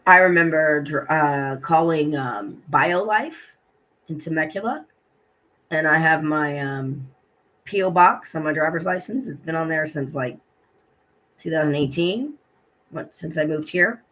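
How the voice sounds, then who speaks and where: A woman's voice: sits low, measured pace, fairly bright tone, low-quality recording. A middle-aged woman vlogger telling a personal story in a rambling, indignant way, with many ums and restarts.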